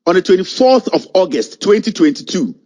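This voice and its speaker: A man with a Ghanaian accent delivers furious political commentary in a high-pitched voice. He mocks and berates, hammering each point with emphasis and slipping between English and Twi. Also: big pitch swings, fairly quick, a little mellow. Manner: angry, mocking and emphatic, mixing English with Twi.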